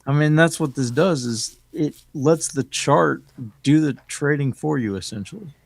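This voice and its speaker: A man chatting casually on a live show, answering questions in a relaxed, reassuring way. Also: on the high side, moderate pace, vocal fry, no echo. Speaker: co-host trading live. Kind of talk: casual live-stream chat.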